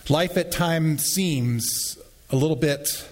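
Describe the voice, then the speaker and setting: A man preaching a sermon as pastor, animated and often restarting his phrases. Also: fairly high pitch, slow. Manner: animated, repeats words as he restarts. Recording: long reverb in a large hall.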